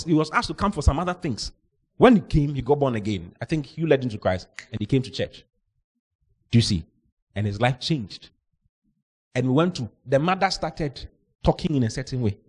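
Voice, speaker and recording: Animated pastor preaching. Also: male voice, mid-range voice. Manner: animated storytelling, mimics voices, laughs often. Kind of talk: sermon.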